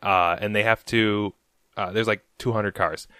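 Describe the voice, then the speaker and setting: Low, bright-voiced man, dry sound. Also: a little slow, smooth, no room sound. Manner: relaxed, hesitant with many ums. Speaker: podcast co-host. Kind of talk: casual chat.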